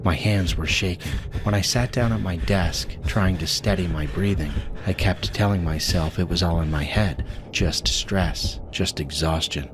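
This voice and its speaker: A man narrating a scripted horror story in a measured, steady way. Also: low-pitched, noisy background. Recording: voice-over with music behind.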